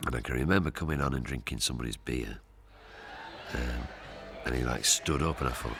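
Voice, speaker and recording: Older guy telling a story in an interview, really deep gravelly voice, chatty. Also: fairly quick, over music. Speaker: comedian interviewee. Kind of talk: interview anecdote.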